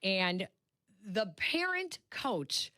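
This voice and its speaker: A woman co-hosting sports radio, telling a story in a casual, animated way from a studio. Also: medium pitch, drawn-out words, dry recording. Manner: animated retelling, acts out quoted voices. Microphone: studio microphone.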